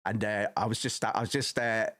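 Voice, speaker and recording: A man's voice: lowish voice, fairly even intonation, moderate pace, a bit bright. A man in his thirties chatting casually as a streamer, rambling, swearing freely and restarting his sentences. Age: 30s. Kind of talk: casual chat.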